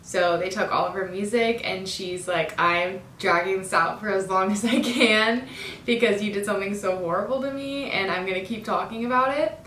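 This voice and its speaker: A woman's voice: moderate pace, fairly bright tone, recorded from a distance. A woman casually breaking down song lyrics, chatty and enthusiastic, with lots of fillers. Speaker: music fan breaking down an album. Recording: echoey room, voice from off the mic, faint rumble.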